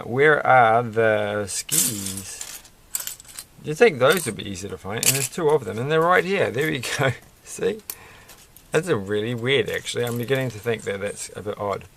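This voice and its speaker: A man chatting casually while building a Lego set, rambling and musing with a self-deprecating manner. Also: on the low side.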